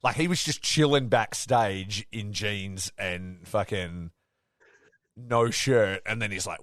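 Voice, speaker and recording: A man with a fairly low voice co-hosts a casual wrestling podcast. He tells stories with rising excitement, swearing freely and acting out quotes. The sound is dry and close. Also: a little slow, no room sound. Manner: excitable storytelling, swears a lot, acts out quotes. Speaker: podcast co-host.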